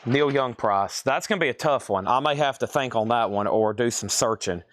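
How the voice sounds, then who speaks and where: A man's voice: medium pitch, moderate pace, fairly bright tone, a little hiss or hum. Man calling prices in a live sale. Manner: calls out prices and buyer names, thinks aloud. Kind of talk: live auction selling.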